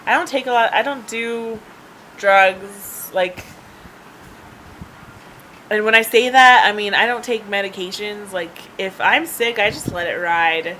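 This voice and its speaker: Bright and forceful, her mid-range voice keeps a measured pace as she tells a personal story, chatty and rambling, full of laughs, ums, and restarts. She's a vlogger filmed on a handheld device camera, and the low-quality recording has a little hiss or hum.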